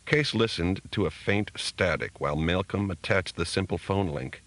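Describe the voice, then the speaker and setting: Deep-voiced male audiobook narrator. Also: lively intonation, moderate pace, hardly any pauses, a bit bright, no room sound, poor audio. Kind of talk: scripted narration.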